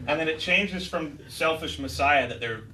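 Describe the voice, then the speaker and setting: A man's voice: fairly high pitch, normal speed, far from the mic, over a noisy crowd, low-quality recording. Rambling man at a store guitar clinic. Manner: rambling, animated, laughing, lots of fillers. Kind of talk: casual live talk to an audience. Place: music store in front of a live audience.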